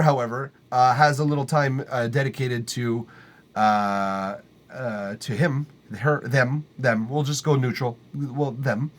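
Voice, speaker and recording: A man's voice: medium pitch, steady tone, slow pace. A man from Montreal hosting a live music feedback stream, chatting casually, reading chat aloud, swearing and laughing often. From Montreal, Canada. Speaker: livestream host reviewing music. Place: home studio.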